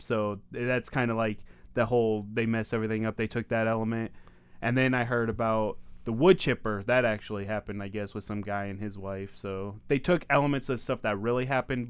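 A man's voice: mid-range voice, fairly bright tone, clear, resonant tone, no echo. A man co-hosting a casual film podcast, explaining things loosely with many fillers. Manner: explains casually, says like a lot. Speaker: podcast co-host reviewing a film. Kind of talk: casual chat.

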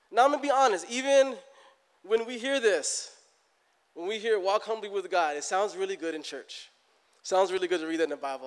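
A middle-aged man preaching a sermon in a church, animated and getting loud for emphasis, acting out people's prayers. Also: high-pitched, moderate pace, smooth, long reverb tail. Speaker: pastor.

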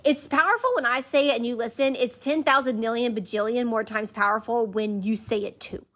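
A woman's voice: a little high, a little fast, fairly bright tone. A woman hosting a faith podcast, teaching conversationally and repeating key phrases in an emphatic rhythm while inviting listeners to say them back. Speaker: podcast host.

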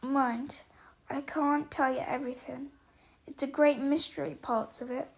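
A woman voicing a gruff giant man who is kindly but quick-tempered, with booming outbursts and folksy slang, in an audiobook reading. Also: fairly even intonation. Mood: worried.

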